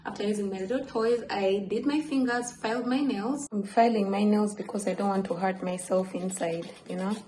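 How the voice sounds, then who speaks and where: A woman's voice: medium pitch, normal speed, hardly any pauses, warm tone, echoey room, a little hiss or hum, poor audio. A woman telling a candid storytime on her vlog at home, chatty and swearing, jumping between asides. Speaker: vlogger. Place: home apartment.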